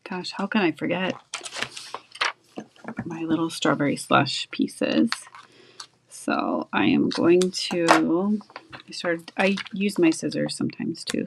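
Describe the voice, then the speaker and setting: A woman's voice: fairly low pitch, gravelly, background noise. A woman showing viewers how to make a greeting card, chatting enthusiastically while she works with her hands. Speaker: card-making demonstrator. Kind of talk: casual craft tutorial.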